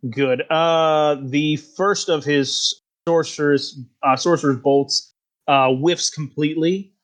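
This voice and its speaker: A man's voice: on the high side, steady tone, slow. A man narrating as game master, laughing often and filling gaps with "uh". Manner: laughing often, many fillers.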